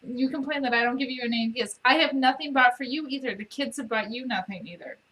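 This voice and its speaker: A woman with a bright, fairly high voice talks plainly on a ranch live stream. She is chatty and quick to laugh with her co-host. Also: rough recording. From Wyoming. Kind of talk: casual live-stream chat.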